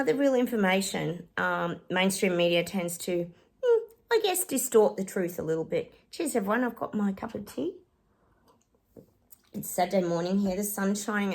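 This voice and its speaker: A woman chatting casually to her vlog viewers from home, with a bit of a cough and lots of "um"s and "guys". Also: medium pitch. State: coughing, slightly hoarse. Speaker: psychic YouTuber. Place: home living room.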